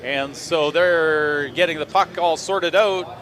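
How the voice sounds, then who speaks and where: A man calling hockey play-by-play in a rapid running stream, with dry joking asides between plays. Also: fairly high pitch, fairly bright tone. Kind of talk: play-by-play sports commentary.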